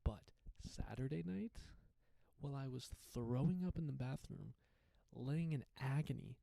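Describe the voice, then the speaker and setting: A man's voice: medium pitch, unhurried, vocal fry, warm tone, no room sound, poor audio. A young man hosting his own podcast, telling a rambling, profane comedy story with lots of restarts. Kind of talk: casual storytelling monologue.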